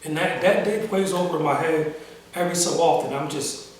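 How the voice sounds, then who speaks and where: A man's voice: on the high side, recorded from a distance, a little hiss or hum. Emotional young man in a roomy echo. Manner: slow, halting and emotional, with many pauses and restarts; casual slang-filled speech. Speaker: vlogger. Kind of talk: personal storytime vlog.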